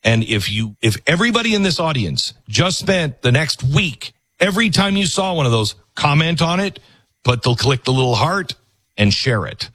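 A male talk show host with a husky, slightly higher voice that swings widely in pitch. He preaches to his audience with animated conviction, and the sound is close and dry. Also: normal speed, no room sound.

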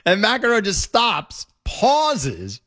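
Animated high-voiced radio host. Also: male voice, extremely slow. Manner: opinionated, animated, laughs often. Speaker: radio talk show host. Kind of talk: talk radio monologue. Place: radio studio.

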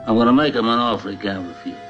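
An actor playing a hoarse, menacing old mob boss. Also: male voice, fairly low pitch, close to an everyday voice. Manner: soft, measured threats. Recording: dull film soundtrack with score. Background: film score music.

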